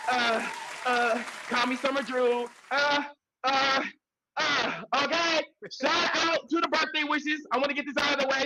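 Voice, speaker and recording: A man co-hosting a podcast in casual chat, talking loud and hyped, with slangy, profane banter and shouted intros. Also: extremely high pitch, poor audio. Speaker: podcast co-host.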